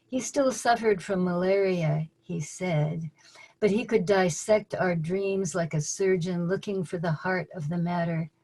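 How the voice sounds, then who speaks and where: An older woman poet reading her own poems at a virtual open mic over a video call, measured and deliberate, with dry asides between pieces. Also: on the low side, mellow, poor audio.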